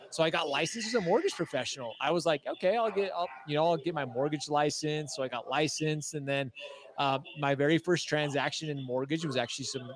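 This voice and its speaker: A man in his thirties, a guest telling his career story in a casual interview, excited and slangy with many fillers and restarts. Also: a little high. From Utah, USA. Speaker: guest, agency founder.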